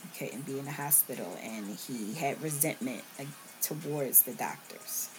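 A woman's voice: a bass voice, moderate pace, noisy background. A woman, a podcast guest, telling a personal story at home and acting out what others said to her. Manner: earnest, relives scenes by quoting others' words. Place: at home, in a bedroom with a TV on.

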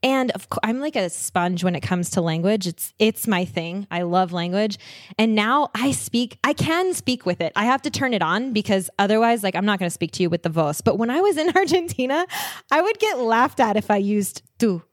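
A woman's voice: medium pitch, lively intonation, normal speed, no room sound, clean studio sound. A woman guest on a podcast, chatting enthusiastically about travel and laughing often. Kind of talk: casual interview chat.

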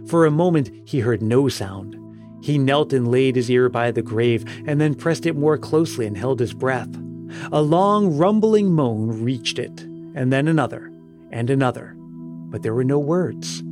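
A man narrates a dark tale in a measured, solemn way at a middling pitch. Clear music plays behind his reading. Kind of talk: audiobook narration.

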